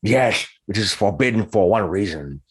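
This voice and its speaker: A man's voice: on the low side, lively intonation, normal speed, husky. A man voicing a stern older male orc who gives short, commanding orders. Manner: curt, commanding. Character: stern older male orc tribe member, gruff mentor.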